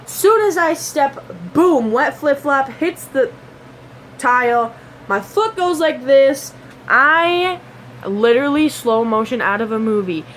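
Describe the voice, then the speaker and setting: Chatty young-sounding woman, higher voice. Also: expressive, slow, fairly bright tone, slight background noise. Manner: chatty and rambling, with many fillers and sound effects. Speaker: vlogger. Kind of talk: casual storytelling to camera.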